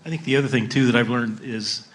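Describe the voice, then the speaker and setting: Relaxed male panel moderator, mid-pitched, faint hiss behind. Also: quick pace. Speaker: panel moderator, rescue mission worker. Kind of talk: panel discussion.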